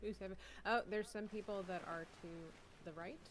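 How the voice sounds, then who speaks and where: A woman's voice: medium pitch, fairly even intonation, normal speed, a crowd in the background. A woman joining a game stream as a co-player, making playful, jokey callouts. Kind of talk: casual gameplay chat.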